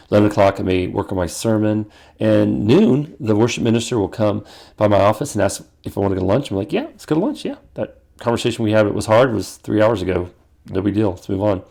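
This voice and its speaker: Male pastor coaching ministers, dark gravelly tone, casual teaching delivery. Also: on the low side. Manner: conversational, acts out quoted dialogue; restarts and repeats phrases.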